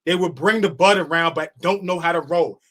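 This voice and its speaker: Teasing New man, higher voice. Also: fairly quick, a bit bright. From New York (Queens). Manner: teasing, laughs often, streetwise slang. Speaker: podcast host. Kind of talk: casual podcast chat.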